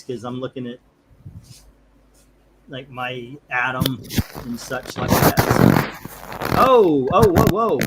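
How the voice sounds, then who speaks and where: Male stream host, slightly higher voice, loose jokey rambling, faint hiss behind. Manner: rambling, jokey, laughs easily. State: feeling sick from food poisoning. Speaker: comic book auction host. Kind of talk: casual live-stream chat.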